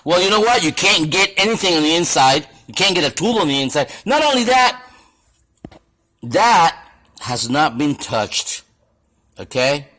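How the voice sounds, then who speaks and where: A man's voice: fairly high pitch, animated, moderate pace, bright, forceful tone, low-quality recording. A man working as a shop machinist gives an angry, blunt and profane demonstration to camera in his machine shop.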